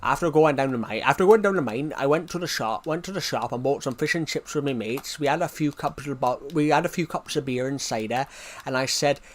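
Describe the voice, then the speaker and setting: A man's voice: mid-range voice, brisk, few pauses, fairly bright tone, slight background noise, natural voice. A man voicing a rowdy rural farmer with a thick accent, chanting and repeating his lines in a sing-song way.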